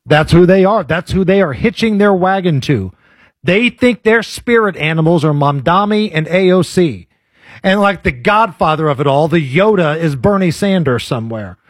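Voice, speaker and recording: Male radio co-host: high, lively, quippy, dry booth sound. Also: moderate pace, no room sound. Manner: wisecracking, lively. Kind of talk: casual talk radio banter.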